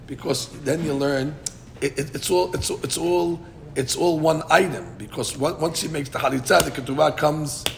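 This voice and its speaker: Gravelly man teaching a Talmud class. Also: a little high, normal speed, background noise. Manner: explains in English with Aramaic quotes, many restarts.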